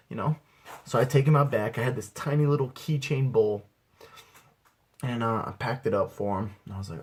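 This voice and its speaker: Laid-back slangy young man, husky voice. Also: mid-range voice, fairly quick. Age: young adult. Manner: laid-back, slangy and profane, acts out quotes. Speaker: aspiring comedian. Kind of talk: casual comic storytelling to camera.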